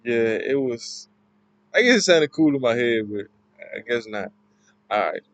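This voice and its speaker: A man giving an informal class presentation, explaining in a halting, loosely worded way. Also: medium pitch, expressive, no room sound, rough recording. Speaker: student presenter.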